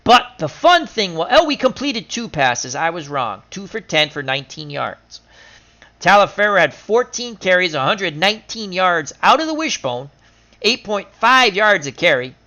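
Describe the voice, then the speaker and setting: A man streaming a simulated football game, chatting casually and running through scores and stats in quick lists, laughing at his own team's losses. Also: sits high, sing-song, pushed and bright. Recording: dull lo-fi sound.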